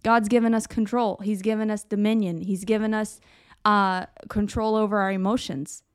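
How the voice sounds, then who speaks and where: A woman's voice: medium pitch, flat delivery, moderate pace, smooth, no room sound, clean studio sound. A young woman hosting a casual faith podcast. She rambles a little, repeats her words, and fills her talk with "like" and "you know.". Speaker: podcast host.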